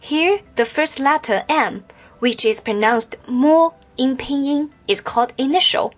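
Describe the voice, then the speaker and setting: Slow, careful woman teacher. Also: high voice, soft background music. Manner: slow, careful, demonstrating each tone clearly. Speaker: Chinese language teacher. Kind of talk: scripted lesson narration.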